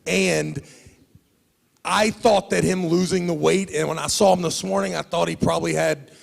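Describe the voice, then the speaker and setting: A man giving his view on an upcoming arm-wrestling match at a press conference, in measured and emphatic verdicts. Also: on the high side, steady tone, vocal fry. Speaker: invited analyst at a press conference. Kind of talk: spoken match analysis. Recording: reverberant hall.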